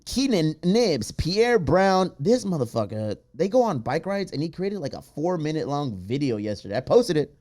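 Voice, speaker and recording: Man, podcast host, lively swooping voice, warm low tone, loud and playful, swears a lot. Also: moderate pace, few pauses. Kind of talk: casual chat, reading patron names.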